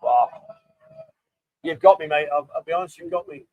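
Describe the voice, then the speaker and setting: A man's voice: a little high, fairly even intonation, moderate pace, phone-quality sound. A man hosting a casual live stream, chatting and reading viewer questions aloud. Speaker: host of a live bar stream.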